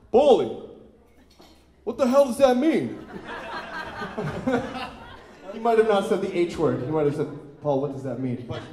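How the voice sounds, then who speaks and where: A man's voice: medium pitch, dark tone, echoey room. A man performing live, doing self-mocking, joking stage banter between songs and laughing often. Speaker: singer-songwriter performing live.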